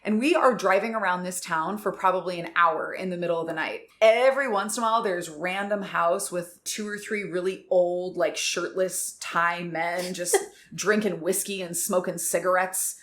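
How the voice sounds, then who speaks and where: A young adult woman co-hosting a podcast, telling a story in casual chat, animated and laughing, acting out quotes with big leaps in her voice. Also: on the low side, normal speed. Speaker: podcast co-host.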